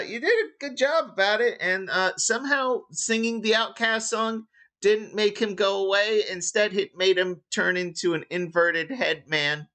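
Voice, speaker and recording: A man running a tabletop game as dungeon master, his voice bright and edgy. He talks slowly and rambles, joking and padding with fillers. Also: fairly high pitch. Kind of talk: casual game-master narration.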